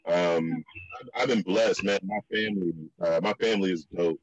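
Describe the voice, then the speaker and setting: A man from the Virginia and DC area telling stories in a casual chat, with many restarts and high jumps in pitch for the quotes. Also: fairly even intonation, normal speed, dry recording, lo-fi sound. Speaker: guest.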